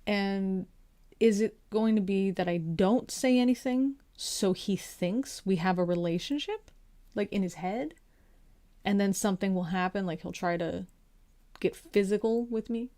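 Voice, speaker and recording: A young woman casually telling a personal anecdote, chatty and animated, acting out the quotes as she goes. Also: medium pitch, measured pace. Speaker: storyteller.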